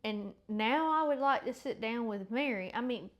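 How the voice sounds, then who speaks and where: Lady host rambling and correcting herself as she goes, kinda high voice, a bit stuffy. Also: animated, normal speed, muffled recording. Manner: rambling, self-correcting, chatty. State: congested. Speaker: podcast host. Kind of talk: casual faith chat and Bible reading.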